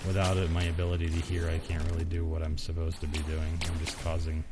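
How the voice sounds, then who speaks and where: A man's voice: deep voice, completely flat delivery, fast talker, very noisy. A man streaming a video game, talking casually and swearing freely. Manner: laid-back, swears freely. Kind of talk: casual gaming commentary.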